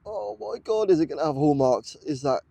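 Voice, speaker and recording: A man's voice: a little high, expressive, a little fast, gravelly, mellow, husky, dry recording. A British man vlogging outdoors in a muddy field while metal detecting, breathless and awestruck, repeating exclamations as he talks to his viewers. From United Kingdom. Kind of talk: excited outdoor vlog commentary. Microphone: camera on a tripod.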